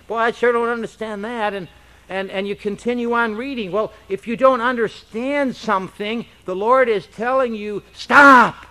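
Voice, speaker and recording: Slow, high-voiced man preaching a sermon. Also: fairly bright tone. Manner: conversational, peppered with rhetorical questions. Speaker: pastor. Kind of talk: expository Bible-teaching sermon.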